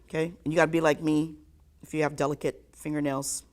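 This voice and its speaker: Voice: medium pitch, flat delivery, quick pace, over loud music. A ukulele teacher giving a live online lesson, counting beats aloud and checking in with "okay?" after nearly every point.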